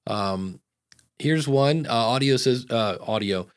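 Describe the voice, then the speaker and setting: A man's voice: mid-range voice, takes it slowly, smooth. A man hosting a podcast, reading out chat comments and chatting casually with many fillers. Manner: loose and rambling, many fillers. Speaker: podcast host.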